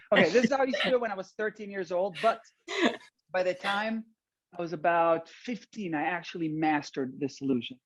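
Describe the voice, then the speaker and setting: A man's voice: high-pitched, measured pace, pauses often. Playful Israeli-accented man doing magic. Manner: playful, chatty, coaxing the audience. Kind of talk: interactive magic show over video call. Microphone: video call. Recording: dull lo-fi call audio.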